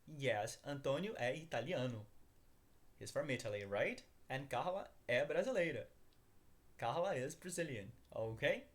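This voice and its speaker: A man's voice: mid-range voice, lively intonation, unhurried. Upbeat male language teacher. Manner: upbeat, addresses viewers as guys, asks them to repeat. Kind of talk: language lesson.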